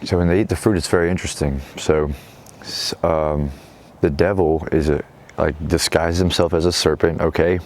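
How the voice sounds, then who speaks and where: A man's voice: a bass voice, fairly even intonation, moderate pace, a little hiss or hum. A man hosting his own show, casually retelling a story in slangy talk and quoting the characters as he goes. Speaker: show host.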